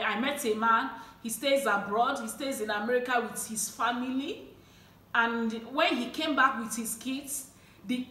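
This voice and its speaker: A woman's voice: a little high, bright, forceful tone, reverberant. A young adult woman from Nigeria with an Igbo accent, talking earnestly to her viewers, pleading and often repeating herself with a questioning "eh?". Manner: passionate and pleading, repeats words, frequent "eh?". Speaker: vlogger. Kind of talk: earnest talk to camera.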